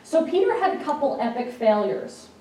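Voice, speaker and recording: A woman minister delivers a sermon, telling scripture stories with lively quoted lines. Her tone is mellow and dark, and she sounds distant from the microphone. The room carries a heavy echo, with faint ambient noise behind her. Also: sits high, normal speed. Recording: echoey hall, speaker far from mic.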